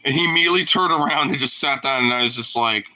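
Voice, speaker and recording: A man's voice: mid-range voice, quick pace, sharp tone. A young man casually filming his dog and teasing it in playful baby talk.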